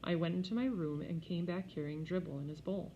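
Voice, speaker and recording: A woman narrating a children's storybook in an expressive, wry manner, on a slightly dull recording. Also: fairly low pitch, a little fast, a little hiss or hum. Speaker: audiobook reader.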